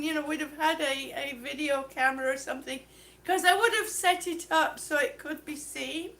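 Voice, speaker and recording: A woman on oxygen, hosting a livestream and telling stories, chatty and quick to laugh. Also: sits high, fairly bright tone. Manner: chatty storyteller, laughs often. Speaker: livestream host. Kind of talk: casual chat, reading viewer comments.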